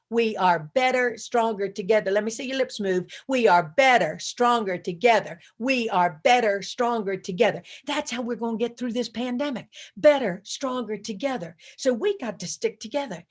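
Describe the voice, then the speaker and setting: A woman's voice: fairly high pitch, darkish tone. A woman giving a keynote speech to a live audience. She speaks emphatically, repeats her key phrases and leads the crowd in chants. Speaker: motivational speaker.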